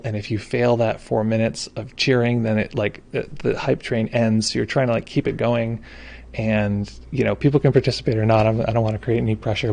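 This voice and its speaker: A man's voice: medium pitch, gravelly, darkish tone. A man who hosts a meditation livestream, chatting casually from home as he reads viewer comments, rambling, stumbling over names and gushing with thanks. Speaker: meditation teacher hosting a livestream.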